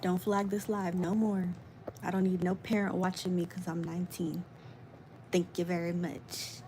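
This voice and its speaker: A woman's voice: fairly low pitch, flat delivery, moderate pace, mellow, slight background noise. A nineteen-year-old woman livestreaming casually, ranting and swearing in frustration. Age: young adult. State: shivering from cold.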